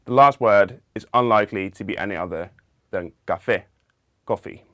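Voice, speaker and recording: Lecturer, male, lowish voice, measured teaching delivery, dry close sound. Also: fairly bright tone, dry recording. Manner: measured, explanatory, with occasional fillers. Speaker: linguistics lecturer. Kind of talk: explanatory video lecture.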